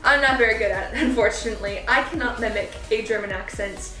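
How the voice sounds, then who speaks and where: A woman's voice: fairly high pitch, fast, bright, forceful tone, recorded from a distance. Giggly young woman in an echoey room. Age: young adult. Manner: chatty and giggly, with frequent laughs and "like" fillers. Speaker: cosplay vlogger. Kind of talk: casual makeup and costume tutorial. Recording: roomy echo, voice away from the mic, faint music.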